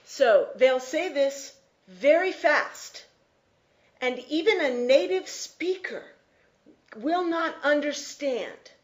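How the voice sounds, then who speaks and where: A woman teaching an English class, explaining slowly and repeating key phrases. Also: sits high. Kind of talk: classroom lecture.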